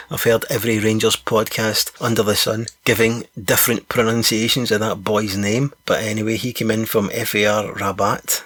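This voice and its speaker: A man's voice: fairly low pitch, fairly bright tone, no room sound. A man hosting a football podcast in casual solo chat, rambling and correcting himself with frequent chuckles. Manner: chatty, rambling, self-correcting with frequent laughs.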